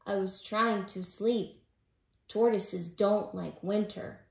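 A woman's voice: steady tone, creaky. Woman doing a grumpy sleepy tortoise. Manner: slow, low grumbling. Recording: roomy echo.

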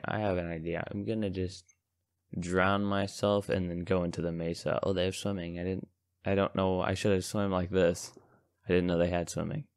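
A man's voice: sits low, clean tone, no echo. Jumpy young man gaming, dry mic. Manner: jittery, frightened, repeats pleas. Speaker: gamer streamer. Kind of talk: let's play commentary.

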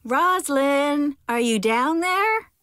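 A kindly, fond father from a picture book, gentle and easygoing, as a woman reads him. Close, dry sound. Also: mid-range voice, sing-song, normal speed, no room sound, close to an everyday voice.

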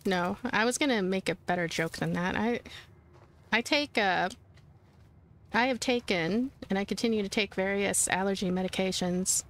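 Here a let's play host, a woman with a medium-pitched, slightly bright voice, plays a horror game at a moderate pace. She chats casually with her viewers as she comments on the gameplay, shrieking and giggling whenever something startles her.

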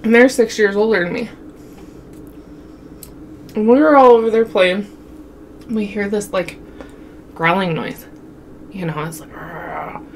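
A woman's voice: mid-range voice, measured pace, pauses often, slight background noise. A young woman from Wyoming telling a childhood story to her viewers in a chatty way, calling them y'all and laughing often. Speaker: mukbang vlogger.

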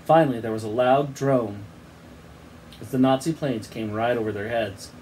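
A man's voice: mid-range voice, moderate pace, darkish tone, a little hiss or hum. A man teaching, reading a children's book aloud expressively and acting out the sound effects, then giving his class an assignment.

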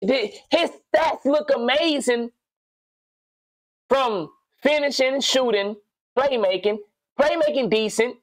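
A man giving casual reaction commentary on a video, slangy and animated, rambling and swearing as he thinks aloud. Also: very high voice, takes it slowly, long pauses, no echo.

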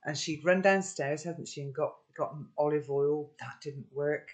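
A man's voice: on the high side, moderate pace. A man teaching children, recapping the story with friendly tag questions and then reading a chapter aloud.

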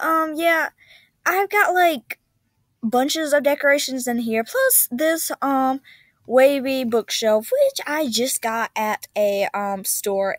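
Young female game vlogger, high voice, rambling ums, dry close mic. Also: dry recording. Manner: chatty, many ums and likes. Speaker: game video host. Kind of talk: casual gameplay narration.

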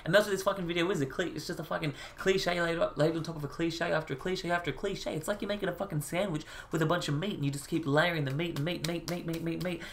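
A man's voice: fairly high pitch, fairly even intonation, fast, hardly any pauses, a little hiss or hum. A man hosting a reaction video, ranting with heavy profanity and exasperation. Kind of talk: ranting commentary.

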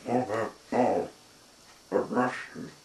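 A man reads a storybook aloud at an extremely slow, deliberate pace, his voice gravelly with fry. The sound is roomy and echoey, with faint noise underneath. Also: fairly low pitch.

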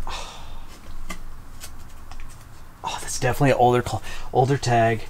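A man filming an excited unboxing vlog in a small storage unit, calling out finds to viewers. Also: mid-range voice, a little hiss or hum. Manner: addresses viewers as y'all, gasps and exclaims.

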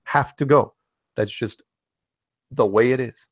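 A middle-aged man with a mid-pitched voice joins a casual online chat as a guest. The sound is close and dry, and he talks in a wry, teasing way, tossing in deadpan jokes. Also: a little slow, no echo. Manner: joking, dry teasing quips.

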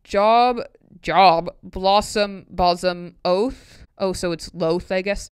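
A woman works slowly through a tricky pronunciation poem, one word at a time, catching her own slips and tossing in dry little asides. Her voice is very smooth and clear. The sound is close and dry, with no room around it. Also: mid-range voice, fairly even intonation, no echo. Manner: halting word-by-word reading, stumbling and self-correcting with wry asides. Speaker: YouTuber. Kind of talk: reading a pronunciation poem aloud.

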